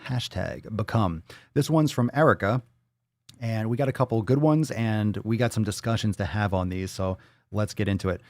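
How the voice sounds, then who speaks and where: A man's voice: lowish voice, normal speed, a little mellow, dry recording, clean studio sound. A man hosting a livestream podcast, talking bluntly and profanely in a fired-up, casual way.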